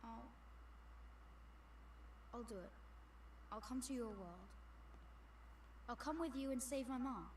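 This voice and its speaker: A man's voice: very high voice, takes it slowly, long pauses, a little hiss or hum, pitched above the performer's own voice. A man doing a timid young boy. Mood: wondering. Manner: hesitant, wondering questions. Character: earnest young boy, timid but brave. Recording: roomy and distant-sounding.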